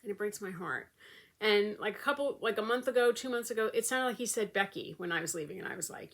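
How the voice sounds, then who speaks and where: A woman's voice: mid-range voice, quick pace, fairly bright tone. A woman vlogger talking in a casual, rambling way with many fillers. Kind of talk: casual chat.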